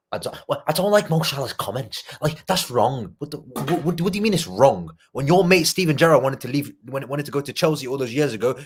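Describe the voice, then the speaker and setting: A man, a fan panelist on a podcast, speaking bluntly and angrily with swearing. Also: medium pitch. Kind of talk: heated podcast rant.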